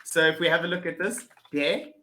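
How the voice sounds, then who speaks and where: A woman's voice: lowish voice, animated, a little fast, sharp tone. A woman with a South African accent, tutoring English over a video call, patiently repeating words and laughing often. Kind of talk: one-on-one pronunciation lesson.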